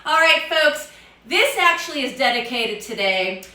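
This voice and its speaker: Upbeat female home bartender, higher voice, chatting to viewers; echoey kitchen sound. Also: expressive, normal speed, sharp tone. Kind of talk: casual cocktail how-to livestream.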